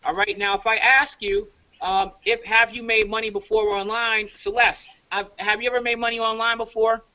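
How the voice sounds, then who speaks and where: A bright, high-voiced man from New York coaches his team over a dull, lo-fi video call. He talks fast and emphatically and keeps checking in with "all right?". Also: level tone. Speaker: leadership coach.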